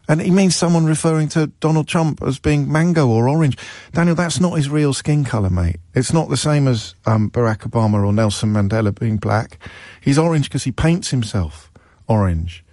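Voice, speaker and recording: Wry talk radio host. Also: male voice, medium pitch, lively intonation, normal speed, a little mellow, no echo, clean studio sound. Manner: wry, conversational, mock-exasperated.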